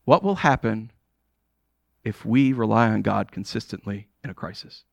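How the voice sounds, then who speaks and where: An American man preaching a sermon as pastor, conversational and animated, with casual asides. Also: fairly low pitch, normal speed, creaky, no echo.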